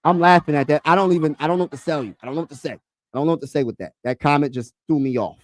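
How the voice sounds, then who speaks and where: A man running a casual sports talk livestream, speaking in an excitable, slangy way and often repeating lines as he talks to his chat. His voice sits a little high, and the recording is dry and close with hardly any room sound. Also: racing, no echo.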